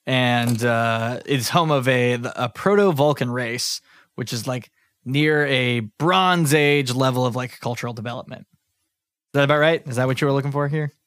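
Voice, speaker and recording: Rambling game master, dry close sound. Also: male voice, mid-range voice, moderate pace, a bit bright, smooth, no echo. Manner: rambling, full of fillers and restarts. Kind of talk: narrating a tabletop role-playing game.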